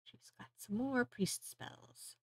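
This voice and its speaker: A woman's voice: slow pace, no room sound. A woman streamer making offhand, chatty comments while playing a game. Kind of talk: casual gameplay commentary.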